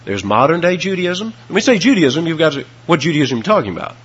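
Animated preacher with a husky voice. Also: male voice, fast talker. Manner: emphatic, dramatic swings in pitch and loudness. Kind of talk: expository sermon. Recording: dull lo-fi sermon recording.

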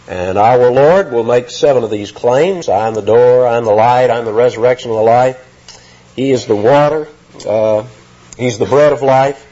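A man's voice: mid-range voice, mellow, husky. A man preaching an expository sermon in an earnest teaching tone, rising in emphasis on key phrases. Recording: dull lo-fi recording.

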